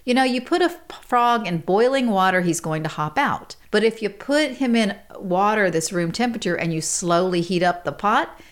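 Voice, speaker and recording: A woman's voice: mid-range voice, lively intonation, normal speed, hardly any pauses. A middle-aged woman hosting a podcast, telling personal stories in a casual advice talk and laughing often. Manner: warm storytelling, laughs often. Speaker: podcast host.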